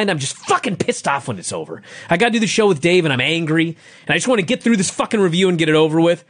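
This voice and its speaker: A man's voice: a little high, big pitch swings, fast talker, fairly bright tone. Ranting, profane man on a podcast. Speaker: podcast co-host. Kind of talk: casual profane wrestling review chat. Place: home, over Skype.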